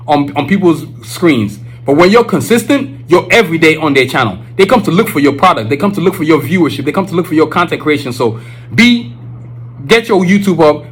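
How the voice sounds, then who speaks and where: A man's voice: on the high side, a bit bright, husky, poor audio. A male podcast host giving an emphatic, preachy casual monologue, full of filler phrases.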